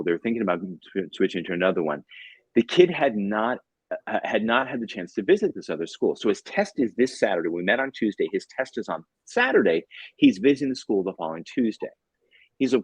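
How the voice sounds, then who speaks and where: A man in his fifties speaks as a podcast guest with a lowish, husky voice. His pitch swings widely as he tells stories and acts out bits of dialogue. The sound is dry and close, with no room around it. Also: brisk, dry recording, poor audio. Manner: animated storyteller, acts out dialogue, repeats words. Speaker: guest, tutor and author. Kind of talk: casual podcast storytelling.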